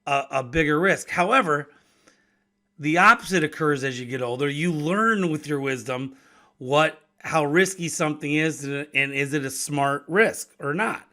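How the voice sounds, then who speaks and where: Bright-voiced middle-aged man talking business. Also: a little high, moderate pace. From Wisconsin. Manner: conversational, repeats and restarts words, laughs between thoughts. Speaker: podcast host and business owner. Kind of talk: casual solo talk.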